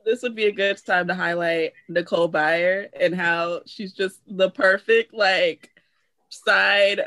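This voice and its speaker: A woman chatting casually about a film on a podcast, relaxed and full of filler words. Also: mid-range voice, takes it slowly, no room sound. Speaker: podcast panelist.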